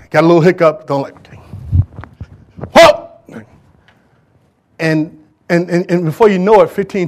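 A middle-aged male pastor preaching a sermon to his congregation, swinging between loud calls and hushed asides. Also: a little high.

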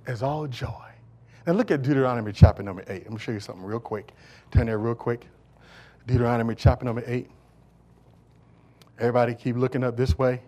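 A middle-aged man preaching a sermon as pastor in a church, shifting from calm storytelling to loud, rising shouts. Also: medium pitch, quick pace, long pauses. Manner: animated storytelling with acted quotes.

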